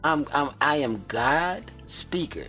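Animated joking man on a podcast. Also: on the high side, takes it slowly, soft background music. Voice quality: voice others compare to a famous comedian's. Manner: playful trash talk, animated and joking. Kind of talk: casual podcast banter.

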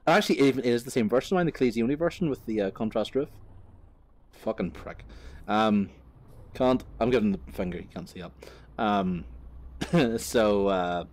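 With a lowish, darkish voice and a fairly quick delivery, a man narrates gameplay casually for his video. Along the way he tells a lengthy, profane, rambling tale. He laughs as he goes and often backtracks to correct himself.

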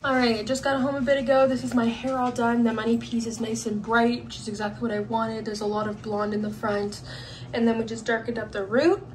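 A woman's voice: fairly high pitch, little pitch movement, brisk. A young adult woman vlogging casually into a handheld phone, rambling with lots of "like" and "um". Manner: rambling, fillers like "like" and "um". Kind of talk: casual chatty vlog. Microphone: handheld phone at arm's length.

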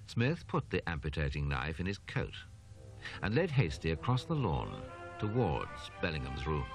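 A man narrating a horror audiobook in a grave, measured way. His very deep voice moves expressively, with clear music underneath. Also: wildly swooping pitch. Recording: narration over background music.

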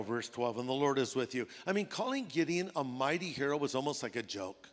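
A pastor preaching a sermon in a relaxed, conversational way, slipping into playful voices for the people in his stories. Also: mid-range voice, a little fast, few pauses. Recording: long hall reverb.

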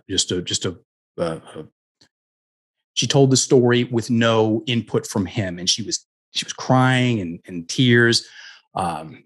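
Husky low-voiced man telling stories. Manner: earnest, halting restarts. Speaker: guest coach. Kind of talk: conversational storytelling interview.

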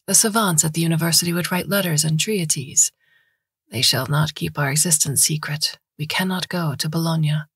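A woman's voice: sits low, normal speed, fairly bright tone, breathy edge, dry recording, studio quality, full character voice. A woman voicing a tiny oracle creature that lives in a vase, speaking in a faint, metallic, earnest whisper. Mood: urgent.

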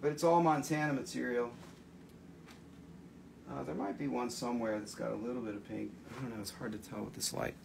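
Gravelly-voiced man selling gems live. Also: medium pitch, fairly even intonation, brisk, background noise. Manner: rambling, profane, laughs easily. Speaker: livestream gem seller. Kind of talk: casual live-selling chat.

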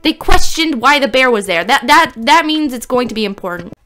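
A woman giving horror game commentary, excitable, screaming and talking to objects on screen. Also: high voice, a little fast, soft background music. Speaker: gamer.

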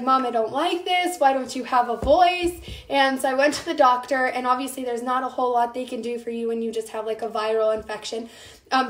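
A woman's voice: on the high side, roomy sound. A young woman from the Midwest hosting a casual cooking live stream, chatting with viewers while her voice recovers from an illness. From American Midwest. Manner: chatty, addresses viewers by name.

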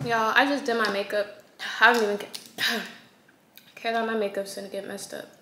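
A woman's voice: a little high, level tone, moderate pace, pushed and bright, faint music behind. A woman vlogger chatting casually in slang while eating, with a runny nose. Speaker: food vlogger. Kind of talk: casual mukbang chat to camera. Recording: echoey room with faint noise.

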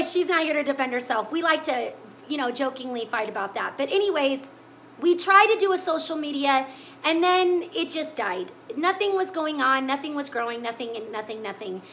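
A woman with a high-pitched, somewhat bright voice hosts a live cooking stream from her home kitchen, with a little hiss or hum in the audio. She's crying as she chats with viewers, emotional and tearful.

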